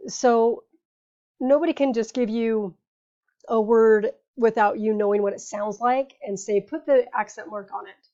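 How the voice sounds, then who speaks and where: Woman teaching, slightly high, lo-fi. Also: fairly even intonation, mellow. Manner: explains patiently, models each word slowly and repeats it. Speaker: Spanish teacher. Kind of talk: classroom grammar lesson. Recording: dull lo-fi recording.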